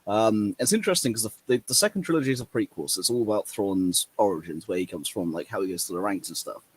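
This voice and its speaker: A man co-hosting a podcast in casual chat, explaining in a measured, thoughtful way. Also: fairly low pitch, animated, husky. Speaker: podcast co-host.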